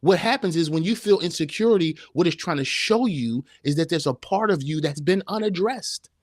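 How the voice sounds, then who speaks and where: Studio-quality, dry audio captures a man with a fairly high pitch and lively intonation speaking at a moderate pace. Hosting a live-streamed motivational podcast, he's emphatic and preacher-like, repeatedly firing off rhetorical questions.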